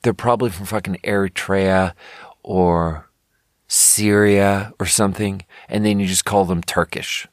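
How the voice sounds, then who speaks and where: A man in his thirties talking in a loose, swearing, meandering way, often breaking off and restarting. His voice sits low. The sound is dry and close to the mic. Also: steady tone, a little slow, no echo. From Sweden. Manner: rambling, profane, self-correcting. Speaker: podcast host. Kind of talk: casual monologue.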